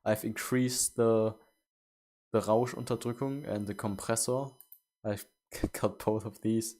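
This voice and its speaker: A man's voice: lowish voice, fairly even intonation, takes it slowly, darkish tone. A man streaming a game, chatting casually with viewers, stumbling over and repeating his words while asking them questions. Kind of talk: casual live-stream chat.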